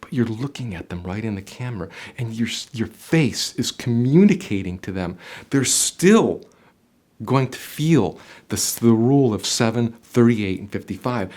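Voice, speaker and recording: Guy coaching job interviews on camera, really lively voice, goes up and down, gets loud then soft. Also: mid-range voice, moderate pace. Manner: animated, varies loudness and softness for demonstration. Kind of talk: instructional video talk to camera. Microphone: on camera, speaking to viewer.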